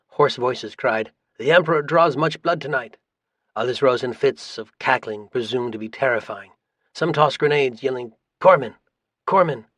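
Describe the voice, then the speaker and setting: Military history is narrated from a script by a man with a mid-range voice, steady and measured in delivery. It's a close, dry audiobook recording with no audible room.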